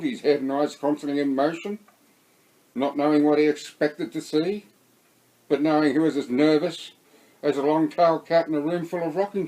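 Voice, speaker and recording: A man with an Australian accent reading his own novel aloud in a steady storytelling voice. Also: a little high, rough recording. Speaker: narrator.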